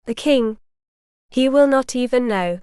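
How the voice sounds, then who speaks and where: A woman's voice: a little high, a little slow, a little mellow, clear, resonant tone, no room sound, studio quality, close to an everyday voice. A woman voicing a ruthless, ambitious male baron with a contemptuous, dismissive manner, in a storybook reading.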